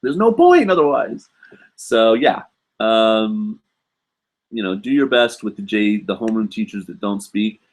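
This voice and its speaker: A man with a lowish voice hosts a casual live question-and-answer stream. He talks in a loose, chatty way, filling his sentences with "you know". His delivery is animated, and he sometimes jumps higher to act out students and coworkers. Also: unhurried. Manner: animated, acts out students and staff in a raised voice. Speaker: host answering viewer questions; university English teacher in Japan.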